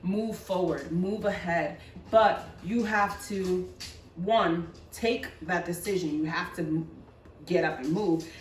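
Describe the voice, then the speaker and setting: A woman with a fairly low voice talks through a tarot reading in a chatty, coaxing way, stumbling over repeated words and tagging "right?" onto her points. She sits some way from the mic in an echoey room. Faint background noise runs under her voice. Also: slow pace, far from the mic. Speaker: tarot reader. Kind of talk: pick-a-card tarot reading.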